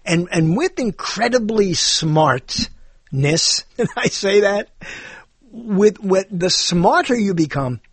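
A playful man meanders through a solo monologue on his own show, chuckling at his own asides. His voice is a bit husky and sits slightly high, with a lively, swinging pitch. It is recorded dry and close, with faint music underneath. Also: slow, dry recording. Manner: playful, meandering, self-amused with frequent laughs. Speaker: podcast host.

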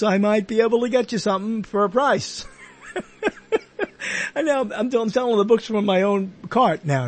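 Husky man rambling with jokes. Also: high voice. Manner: self-deprecating, joking and digressive. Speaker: host. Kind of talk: casual rambling monologue.

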